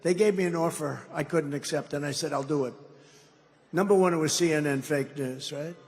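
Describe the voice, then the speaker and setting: An older man campaigning for office addresses a crowded rally hall, rambling, mocking, and tossing teasing asides at the audience. He speaks briskly in a voice on the high side and a little mellow. Long hall reverb, faint ambience, and a little hiss or hum come through.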